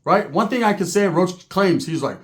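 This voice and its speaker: Man, casual profane storyteller; slightly raised pitch. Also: expressive, fairly quick. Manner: profane, rambling, joking.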